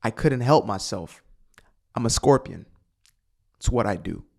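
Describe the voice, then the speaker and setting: A man's voice: lowish voice, expressive, measured pace, gravelly, a little mellow, pitched below the performer's own voice, full character voice. A man voicing a male scorpion from a fable who pleads and wheedles. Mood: matter-of-fact.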